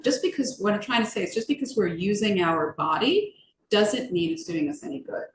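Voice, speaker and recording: A woman from the United States, a yoga teacher, leading a relaxed and chatty class on a video call and asking the group questions. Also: fairly low pitch. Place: room on a video call meeting. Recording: echoey room, faint background hiss.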